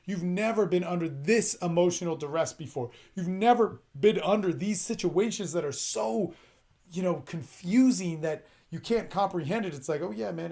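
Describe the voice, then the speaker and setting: Blunt, profane man with a fairly high voice. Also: a little mellow. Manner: blunt, profane, rambling and emphatic. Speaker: podcast host giving relationship advice. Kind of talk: casual advice monologue.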